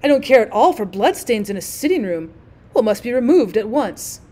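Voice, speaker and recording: A woman's voice: a little high, very animated, a little fast, a little mellow. A woman voicing a proper lady of the house in a storybook reading, exclaiming in a fussy, indignant way.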